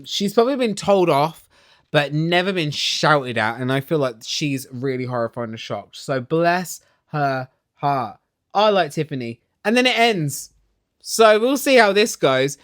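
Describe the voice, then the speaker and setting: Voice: mid-range voice, lively intonation, measured pace, dry recording, studio quality. A vlogger ranting casually and sarcastically through a reality TV recap, opinionated and swearing.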